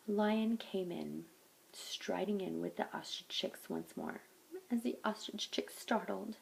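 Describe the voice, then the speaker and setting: A woman storyteller reading a folktale aloud, often softly and close to a whisper. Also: medium pitch, vocal fry, poor audio.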